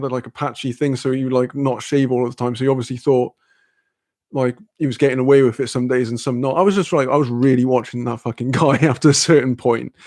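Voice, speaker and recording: A man's voice: medium pitch, darkish tone, no room sound, studio quality. A young man on a live stream, telling a story in loose, rambling casual chat, heavy with swearing and fillers.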